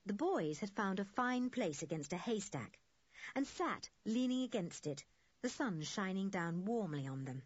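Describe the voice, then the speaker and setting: A woman narrating a children's adventure story, reading lively and switching into voices for the children. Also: medium pitch, moderate pace, slightly rough, no echo, muffled recording. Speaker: audiobook narrator.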